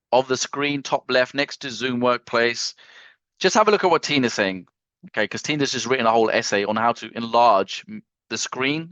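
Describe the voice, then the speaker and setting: A man hosting a live software training webinar over a video call, reading chat comments aloud, teasing and joking between walkthrough steps. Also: mid-range voice, no room sound. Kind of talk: casual live screen-share tutorial. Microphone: computer mic on a video call. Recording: dry, slightly dull video-call audio.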